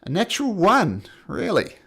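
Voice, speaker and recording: A man's voice: sits high, huge pitch swings, normal speed, gravelly, fairly bright tone, breathy edge. A man running a tabletop game as game master, narrating with an upbeat, laughing manner.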